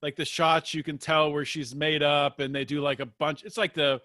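A man with a high, bright voice thinks aloud on a casual podcast, musing his way through a point. The sound is dry and close. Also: level tone, moderate pace, no echo. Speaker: podcast co-host.

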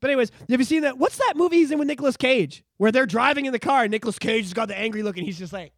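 A man in his thirties co-hosting a casual podcast, ranting with animated, profane energy. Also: very high voice, very fast, no echo, clean studio sound. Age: 30s. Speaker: podcast co-host.

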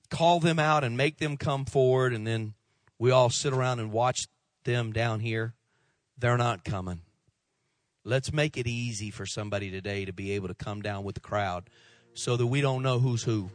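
A male pastor preaching a sermon to his church, impassioned at first, then soft and pleading as he calls people forward. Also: lowish voice, moderate pace, no room sound, studio quality. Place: church sanctuary.

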